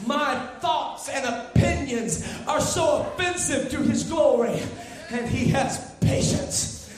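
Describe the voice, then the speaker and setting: A man preaching a sermon, shouting and half-singing his lines in a rising chant. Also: very high voice, slow pace, slight background noise. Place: large church. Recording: very echoey church hall with organ and congregation.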